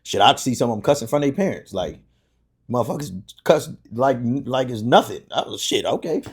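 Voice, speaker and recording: A man's voice: mid-range voice, brisk, husky. A man in his thirties, a barber and podcast co-host, telling casual stories with plenty of swearing. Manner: loose, profane storytelling.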